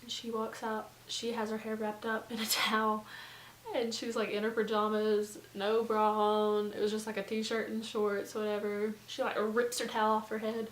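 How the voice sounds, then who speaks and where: A woman's voice: mid-range voice, monotone, normal speed, roomy sound, slight background noise, low-quality recording. A young woman telling a casual storytime as a vlogger, chatty and full of "like" and asides. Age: young adult. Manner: chatty, lots of "like", rambling asides.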